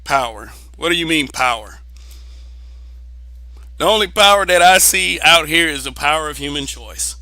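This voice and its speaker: Young man, blunt and profane, casual opinion monologue, slightly high voice, dry close sound. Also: lively intonation, normal speed, long pauses, sharp tone, no room sound, poor audio. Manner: blunt and profane, repeats words when making a point. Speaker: vlogger giving opinions.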